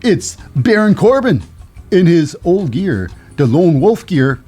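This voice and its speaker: A man's voice: on the high side, very animated, slow, mellow, husky. Man, podcast host, rambling recap, wry asides, faint music underneath. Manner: rambling, restarts, dry asides.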